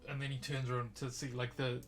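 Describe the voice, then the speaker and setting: A man's voice: medium pitch, flat delivery, fast talker. A British man narrating as dungeon master in a chatty, rambling way with many fillers. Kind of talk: narrating a tabletop game.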